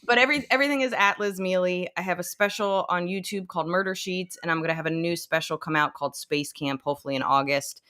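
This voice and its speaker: A woman comedian on a talk show panel, telling animated, self-deprecating stories. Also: on the low side, fast, hardly any pauses. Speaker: stand-up comedian. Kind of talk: casual panel chat.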